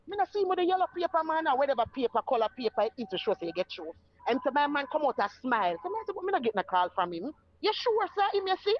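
Jamaican woman, lively storyteller, quick talker, higher voice, dull muffled audio. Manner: animated, acts out the voices in her story. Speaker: guest telling her story. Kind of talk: casual storytelling.

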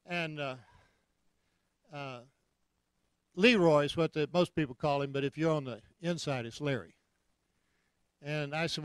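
A man preaching, telling anecdotes with lively delivery and repeated punchlines. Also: a little high, moderate pace, pauses often, clear, resonant tone, dry recording. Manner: animated storyteller, repeats punchlines. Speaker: guest preacher. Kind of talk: anecdotal sermon. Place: church.

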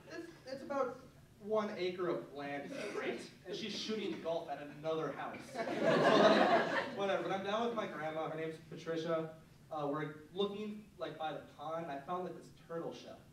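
A man's voice: fairly high pitch, animated, moderate pace. A young man doing a stand-up set, telling self-deprecating stories in a rambling, filler-heavy way, recorded live on a club stage. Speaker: stand-up comedian. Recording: very roomy live club audio, distant, loud background noise. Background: audience laughter.

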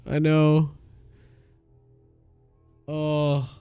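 Excitable man streaming a horror game. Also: medium pitch, a little slow, faint music behind. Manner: excitable, swears and laughs at scares. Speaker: gaming streamer. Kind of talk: livestream horror game commentary.

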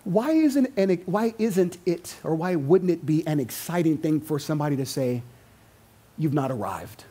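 Male pastor, sermon in a church, high voice, very animated pitch, acts out quotes. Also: moderate pace, hardly any pauses. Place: church sanctuary.

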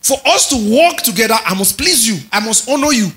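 A man preaching a teaching sermon, stretching and stressing key words, rising to loud emphasis and checking in with his listeners. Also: very high voice, animated, fairly quick, poor audio. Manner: checks in with listeners, tells them to underline words.

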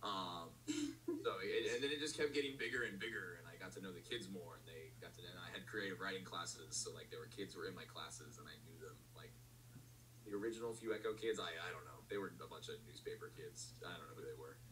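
A man's voice: sits low, fairly bright tone, recorded from a distance, a little hiss or hum, low-quality recording. A young male teacher answering interview questions casually, rambling with lots of fillers and laughs. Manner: rambling, halting, laughs often, many fillers. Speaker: teacher and magazine founder.

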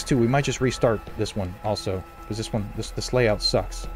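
A man doing let's play commentary on a horror game, excitable, repeating phrases over and over and swinging between low mutters and loud outbursts. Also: brisk, hardly any pauses, faint music behind. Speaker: gameplay commentator.

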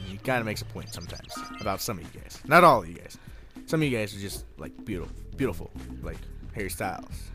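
Young man, let's play commentary, lively pitch, profane, excitable, game music. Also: quick pace. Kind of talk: casual gameplay commentary. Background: video game music.

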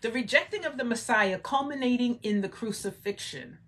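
Expressive woman teaching scripture. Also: fairly high pitch, moderate pace. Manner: conversational, rhetorical "right?" asides. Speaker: Bible study leader. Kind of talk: scripture reading with commentary.

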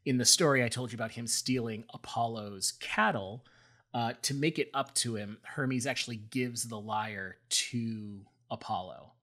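A man's voice: medium pitch, moderate pace, a bit bright. A man co-hosting a podcast, retelling myths in a casual, playful way. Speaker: podcast co-host. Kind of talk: casual storytelling.

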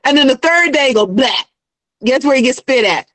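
A woman's voice: high-pitched, quick pace, a bit bright, no room sound, poor audio. A young adult woman in casual chat, retelling a story with acted-out character voices and frequent laughter. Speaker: guest.

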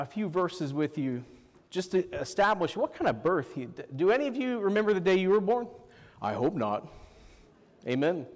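High-voiced pastor preaching in a reverberant hall. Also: male voice. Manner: asks the congregation questions and repeats "Amen". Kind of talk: sermon.

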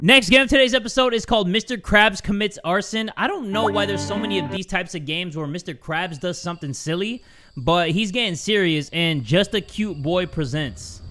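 A man doing let's play commentary as a gaming YouTuber, joking crudely and yelling at the game. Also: sits high, normal speed, over music.

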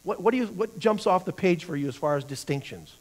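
A man's voice: high-pitched, lively intonation, fast. A man teaching a church Bible class, who asks the class questions, answers them himself and often repeats words while he thinks.

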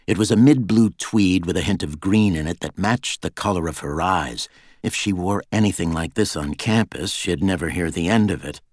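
A male narrator with a deep voice reads a scripted audiobook passage. The recording is dry and of studio quality.

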